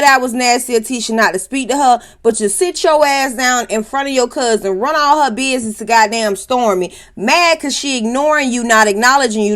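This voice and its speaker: A woman hosting a casual reality TV recap, telling it in a lively, profane way and acting out the quotes. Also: a little high. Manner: animated, profane, laughing storyteller acting out quotes.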